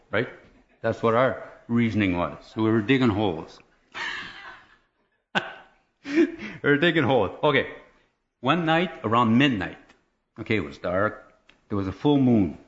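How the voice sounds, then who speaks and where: A man with a fairly low voice tells a personal testimony as a lively, chatty story, often chuckling and checking in with his listeners. The recording is dull and a little lo-fi. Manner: animated storyteller, chuckles, checks in with "right?" and "okay?".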